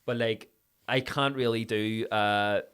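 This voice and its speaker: A young man in his twenties, an actor guest in a casual podcast chat, telling animated stories and swearing now and then. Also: lowish voice, takes it slowly, smooth. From Ireland. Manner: animated storyteller, swearing, acts out voices.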